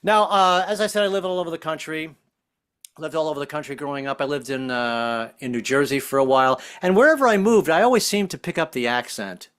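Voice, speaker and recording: A man's voice: a little high, a little fast, fairly bright tone, clear, resonant tone. A man in his sixties doing a jokey stand-up comedy set over a video call, slipping into silly voices. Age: 60s. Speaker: stand-up comic.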